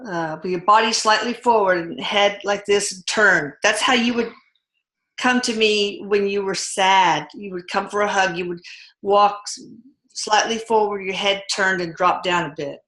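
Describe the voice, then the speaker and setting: A woman hosting the show, chatting casually and telling stories in an animated way. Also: mid-range voice, moderate pace. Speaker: host. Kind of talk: casual conversation. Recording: echoey room.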